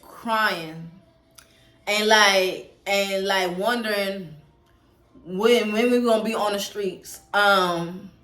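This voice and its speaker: A woman's voice: mid-range voice, sharp tone, reverberant. A woman vlogging as a single mother, talking straight to her viewers, near tears, often repeating and restarting her words. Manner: halting, repeats words, talks to viewers directly. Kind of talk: emotional personal vlog. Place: home room.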